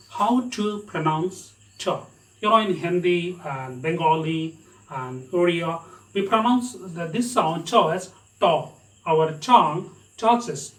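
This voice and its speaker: High-voiced Indian English teacher, slow and roomy. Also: male voice, recorded from a distance. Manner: explanatory, repeats example words, quizzes the listener. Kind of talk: pronunciation lesson. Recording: roomy echo, away from the mic.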